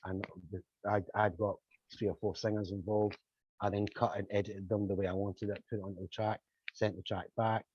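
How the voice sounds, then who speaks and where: An older man, a musician telling animated anecdotes as an interview guest. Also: lowish voice, brisk, slightly rough, no room sound. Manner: animated anecdotes, acting out quoted voices. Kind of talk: storytelling in a podcast interview. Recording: slightly dull lo-fi audio.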